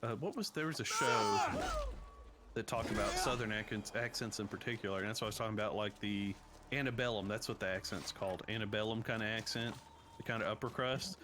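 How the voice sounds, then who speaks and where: A man's voice: fairly low pitch, a little fast, very noisy. A man from the United States hosting a casual podcast, talking in a rambling, chatty way. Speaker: podcast host. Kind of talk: casual chat.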